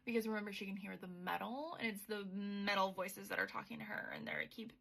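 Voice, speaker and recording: A woman's voice: medium pitch, fairly even intonation, brisk, vocal fry, pushed and bright. A young woman hosting a podcast, recapping a book in a chatty, sweary way with sarcastic asides. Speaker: podcast host.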